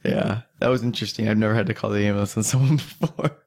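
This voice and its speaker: A man's voice: lowish voice, fast, a little mellow. A young man telling a long drinking story in casual chat, rambling, swearing and laughing as he goes.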